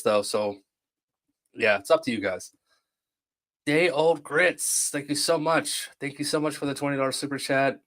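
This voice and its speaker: A man's voice: mid-range voice, fairly bright tone. A man hosting a livestream, commenting casually and joking while he thanks viewers. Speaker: host.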